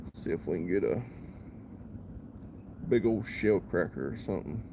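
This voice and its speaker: A man's voice: deep voice, lively intonation, normal speed, background noise. A man live-streaming from a creek, chatting casually and muttering to himself between greetings to viewers. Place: outdoors at a creek.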